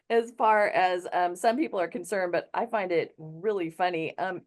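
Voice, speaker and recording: A middle-aged woman hosting a show, chatty and quick to laugh in casual talk. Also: mid-range voice. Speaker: show host. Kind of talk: casual chat.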